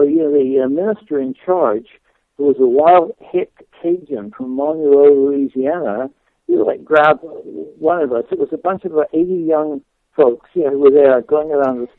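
Over a dry, tinny phone line, an English guest minister recounts his story for a radio interview, laughing, chatty, and full of fillers and restarts. His voice is on the high side with vocal fry and no room sound.

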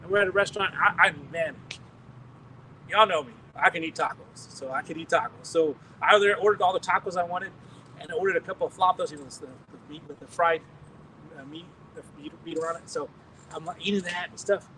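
A man from the United States, a pastor, telling healing stories in an animated, chuckling sermon with frequent restarts. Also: on the high side, brisk, recorded from a distance, a little hiss or hum, rough recording. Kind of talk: storytelling sermon testimony.

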